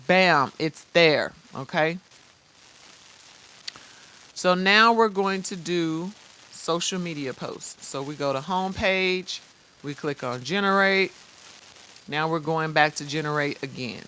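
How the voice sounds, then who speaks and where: A woman hosting a live-streamed software tutorial. She chats casually in slang and talks straight to her viewers. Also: on the low side. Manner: lively, chatty, addresses viewers directly. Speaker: host.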